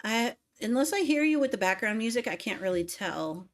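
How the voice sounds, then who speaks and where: Woman livestreamer, mid-high voice. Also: very animated, a little fast. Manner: self-deprecating, sings lyric lines to test them. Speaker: livestream host, singer. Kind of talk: casual livestream chat.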